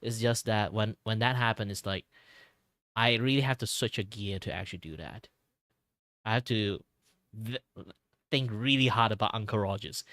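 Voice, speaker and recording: Low-voiced rambling Malaysian-born man. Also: moderate pace, long pauses, a bit bright, dry recording. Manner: rambling, full of "like" and restarts. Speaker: streamer host. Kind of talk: casual chat.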